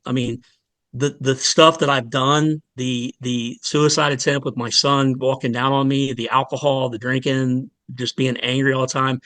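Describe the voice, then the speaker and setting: A middle-aged man, a fire lieutenant, telling his story in a candid podcast interview, earnest and halting with many pauses. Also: mid-range voice, steady tone, bright, forceful tone, no room sound. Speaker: fire department lieutenant, guest.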